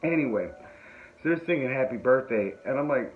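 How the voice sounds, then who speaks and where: This man's medium-pitched voice is brisk and expressive as he hosts a podcast, spinning a rambling, funny story, laughing often and poking fun at himself. The recording has a phone-like tinny quality and faint noise.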